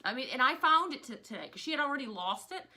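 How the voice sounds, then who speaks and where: A woman in her thirties teaching a history lesson in a chatty, casual way, often veering off into animated personal rants. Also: high-pitched, quick pace. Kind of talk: casual recorded history lecture.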